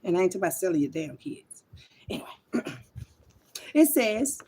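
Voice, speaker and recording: A woman's voice: on the low side, sing-song, normal speed, pauses often, dark tone, slightly rough. A woman rambles to her online viewers in a loose, unscripted monologue. She is blunt and swears freely, calling her listeners child and honey as she talks. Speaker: online spiritual reader. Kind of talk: casual livestream monologue.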